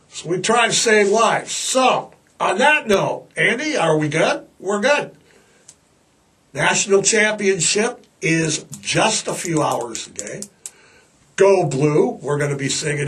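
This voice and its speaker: A man's voice: sits high, animated, measured pace, fairly bright tone, far from the mic. A man hosting a casual podcast monologue, blunt, rambling and fired-up. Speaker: podcast host.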